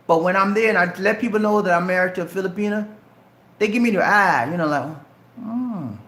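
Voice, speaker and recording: On a live stream, a chatty middle-aged man from Charleston, South Carolina, with a light Southern Geechee accent casually answers questions and speaks directly to viewers, calling them "man" and "bro." He talks fast, his voice sitting high with a fairly bright tone and a roomy sound.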